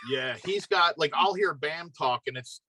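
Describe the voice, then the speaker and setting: Middle-aged Philly-accent man, bright voice. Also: a little high, normal speed, a little hiss or hum. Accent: Philadelphia. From Pennsylvania, near Philadelphia. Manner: rambling, loose, lots of fillers and asides. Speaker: podcast guest. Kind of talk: casual chat.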